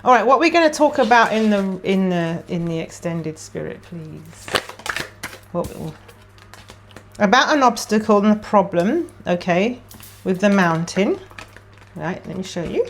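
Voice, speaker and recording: A woman's voice: mid-range voice, lively intonation, normal speed, slight background noise. Chatty woman reading tarot cards. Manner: emotional, chatty, thinks aloud while pulling cards. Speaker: tarot reader. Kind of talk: casual tarot card reading to camera.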